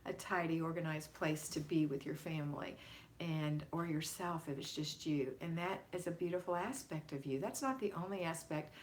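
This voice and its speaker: A woman's voice: sits low, normal speed, a little hiss or hum. Woman livestream host greeting viewers. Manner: warm, affectionate greetings to viewers by name. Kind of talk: casual live-stream chat.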